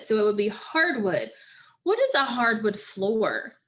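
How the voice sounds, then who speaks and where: Slow, patient phonics teacher woman. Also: medium pitch, big pitch swings, a bit bright. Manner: slow, patient, asks and answers own questions. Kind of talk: phonics lesson for children.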